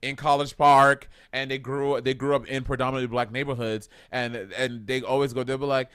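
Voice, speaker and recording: A man from Saint Lucia, co-hosting a podcast, telling gossip in an animated, chatty way with quoted asides. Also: medium pitch, a little fast, hardly any pauses, no room sound, studio quality. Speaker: podcast co-host. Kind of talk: casual chat.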